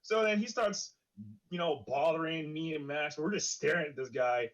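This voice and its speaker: A man's voice: a little high, normal speed, dull audio. A man co-hosting a podcast, telling a tour story in casual chat and acting out the people in it with lots of laughing. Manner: animated storyteller acting out quotes, laughing often. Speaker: podcast co-host, band member.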